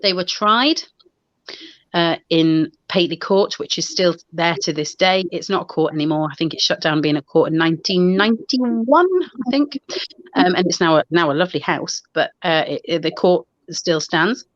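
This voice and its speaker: Woman, lowish voice, rambling chatty storyteller, dull video-call sound. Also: animated, normal speed, no echo. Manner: chatty, rambling with restarts and fillers. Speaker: paranormal investigator and show co-host. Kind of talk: casual storytelling on a live online show.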